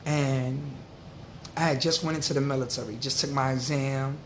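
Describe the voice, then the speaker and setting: A man, telling a story to camera in a loose, slang-filled, animated way. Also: medium pitch, normal speed, a little hiss or hum. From New York. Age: 40s. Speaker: vlogger.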